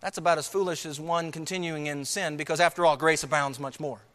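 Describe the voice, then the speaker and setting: A man's voice: fairly high pitch, steady tone, fairly quick, fairly bright tone, in a large hall. A man preaching a sermon, emphatic, repeating key phrases and asking rhetorical questions.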